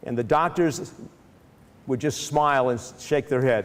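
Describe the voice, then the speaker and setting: A man giving a lecture that retells a Bible story, in a lively storytelling manner with frequent restarts. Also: mid-range voice, unhurried, long reverb tail. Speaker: speaker.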